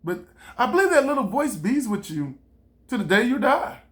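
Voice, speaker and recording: A male comedian speaking straight to the listener in a loose, casual monologue. His delivery is animated and broken up with laughter, and he slips into different voices whenever he quotes someone. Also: very high-pitched, moderate pace. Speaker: stand-up comedian.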